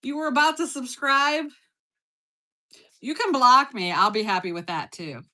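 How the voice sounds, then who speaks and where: A woman's voice: high-pitched, unhurried, bright, forceful tone. A woman hosting a casual cooking livestream from her kitchen, reading out viewer comments and answering them in a blunt, teasing, playful way. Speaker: livestream host.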